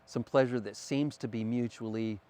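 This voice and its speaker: A middle-aged man speaks as a podcast guest, his voice sitting in an ordinary middle pitch. He talks fast and animatedly, swearing freely. The tone is casual, like a conversation. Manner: animated, profane, fast-talking.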